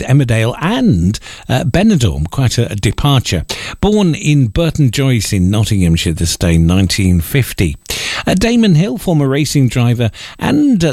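Male radio host, chatty birthday roundup, wry asides, lively pitch, dry close sound. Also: no room sound. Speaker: radio presenter.

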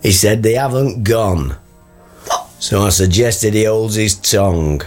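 An actor playing a dry-witted, gruff father in a radio comedy. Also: lowish voice, unhurried, a little mellow, faint music behind, close to an everyday voice. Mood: exasperated. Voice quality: dry sarcastic wit. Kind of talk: radio comedy drama acting.

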